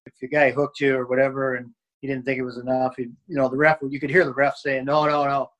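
A man's voice: medium pitch, flat delivery, fast, fairly bright tone, dull audio. A man, a former hockey player, telling stories in a casual interview, rambling with lots of fillers and restarts.

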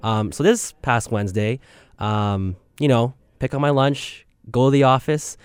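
A man's voice: mid-range voice, unhurried, clear, resonant tone, dry recording, studio quality. A young man hosting a student podcast, speaking casually and rambling with many fillers and self-deprecating asides. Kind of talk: casual spoken intro.

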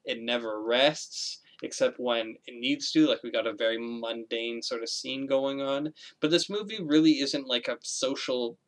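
A man's voice: mid-range voice, normal speed, hardly any pauses. A man in casual conversation about a film, retelling scenes with laughs, swearing and acted-out quotes.

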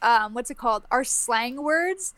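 Blunt Canadian woman, higher voice. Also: a little slow, a crowd in the background. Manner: blunt, swears freely, lively anecdotes. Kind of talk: casual chat.

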